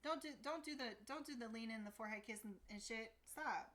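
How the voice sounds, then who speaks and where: A woman's voice: a little high, fairly quick, fairly bright tone. A woman co-hosting a podcast in casual chat, candid and blunt, laughing often. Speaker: podcast co-host.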